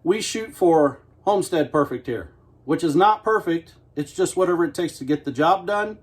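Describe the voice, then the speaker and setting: In his home kitchen, a middle-aged homestead cooking host walks viewers through a baking demo step by step, folksy, joking and self-mocking. His voice runs on the high side, expressive, at a normal speed.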